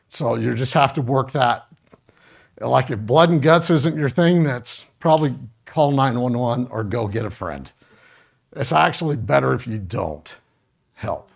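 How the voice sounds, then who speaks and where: A middle-aged man with a gravelly, fry-laden voice runs a first aid workshop for a live audience. He keeps it casual and joking, and keeps turning to talk straight to the people in front of him. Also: mid-range voice.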